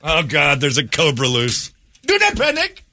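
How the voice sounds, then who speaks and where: A man's voice: on the high side, huge pitch swings, moderate pace, gravelly, bright, forceful tone, pitched above the performer's own voice, heavily acted. A man voicing a panicking trapped plane passenger and flight crew in a put-on Indian accent, frantic and exaggerated. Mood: mock-calm.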